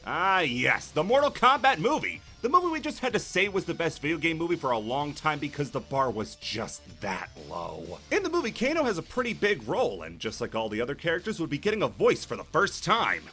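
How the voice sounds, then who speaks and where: Guy doing a snarky video essay, kinda high voice, super bright. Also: fairly quick, few pauses, soft background music. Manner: sarcastic, animated, jokey asides. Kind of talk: comedic video essay narration.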